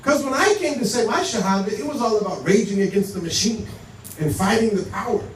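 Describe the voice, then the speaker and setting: A Muslim speaker with a high-pitched, animated voice talks fairly quickly to a community audience, telling stories conversationally and acting out quoted exchanges of dialogue. The mic is distant in a roomy hall, with a faint hum.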